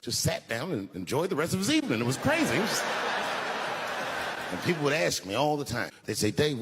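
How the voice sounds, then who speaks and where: A man in his fifties doing a stand-up comedy routine, telling stories in a laid-back way and often repeating words. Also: medium pitch. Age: 50s. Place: large venue on stage. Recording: echoey hall with audience noise.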